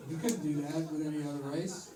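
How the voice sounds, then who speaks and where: A man in his thirties doing a stand-up comedy set in a rambling deadpan, now and then breaking into loud shouts. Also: on the high side, brisk, over a noisy crowd. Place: comedy club stage with a live audience. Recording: roomy, distant audience recording with laughter.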